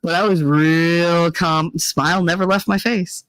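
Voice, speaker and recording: A woman's voice: lowish voice, steady tone, normal speed, a bit bright, no echo, rough recording. A woman hosting a casual talk show, telling a story in a blunt, profane, swaggering way. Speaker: podcast host.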